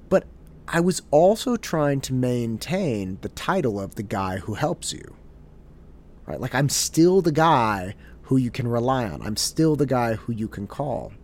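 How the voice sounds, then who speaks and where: A man speaks in a reflective storytelling monologue. His pitch sits in the middle, but his voice rises and falls a lot. He sounds candid and self-deprecating. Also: a little mellow. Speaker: podcast host.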